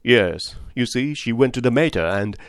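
A man voicing a worried gentleman who hurriedly confides a family quarrel. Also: medium pitch, animated, normal speed, no room sound, clean studio sound, close to an everyday voice. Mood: troubled.

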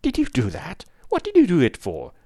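A man reading the part of a frazzled, nervous young gentleman who rambles through his story in rapid, breathless chatter. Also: sits high, huge pitch swings, no room sound, clean studio sound, voice pushed up, full character voice. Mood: jittery.

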